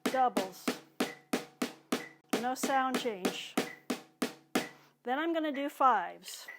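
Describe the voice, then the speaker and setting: A woman teaching drum exercises, calmly cueing each one while she plays. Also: sits high, very slow, over loud music. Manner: calm, counts and cues exercises while playing. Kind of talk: instructional demonstration. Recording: talk over loud drumming and metronome.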